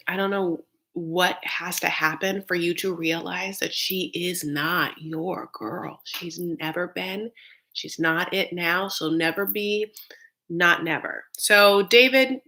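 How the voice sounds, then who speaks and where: Bright, sassy reaction host, woman. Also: fairly low pitch. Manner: gossipy, sassy, chatty with viewers. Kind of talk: live reaction recap, casual chat.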